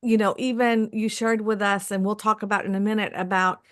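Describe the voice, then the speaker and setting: A woman's voice: medium pitch, fairly even intonation, a little fast, no echo, clean studio sound. A woman moderating a panel, effusive and emotional as she introduces speakers.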